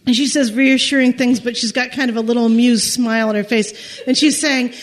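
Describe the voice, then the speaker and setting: Woman storyteller, high voice, halting and repetitive, chuckling through her own tale. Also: fairly even intonation. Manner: halting, repeats words, laughs through the telling. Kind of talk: personal storytelling.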